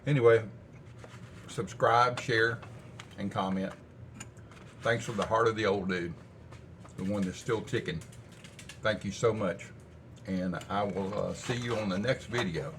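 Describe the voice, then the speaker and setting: An older man with a very low, deep voice talks through his home cooking in a relaxed, rambling, folksy way. A faint hiss of background noise sits under his speech. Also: measured pace, long pauses. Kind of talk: casual cooking vlog chat.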